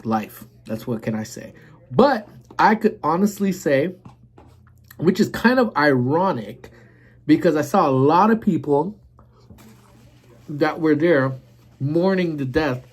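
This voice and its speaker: Man, forties, husky voice, live-stream host, rambling casual chat, eating while talking. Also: on the high side, expressive, takes it slowly, long pauses.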